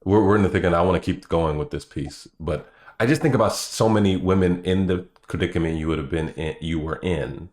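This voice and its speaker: A man's voice: sits low, a little fast, hardly any pauses, a little mellow. A man hosting an interview, affirming his guest and reflecting in a thoughtful way. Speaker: podcast host. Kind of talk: interview conversation. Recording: echoey room.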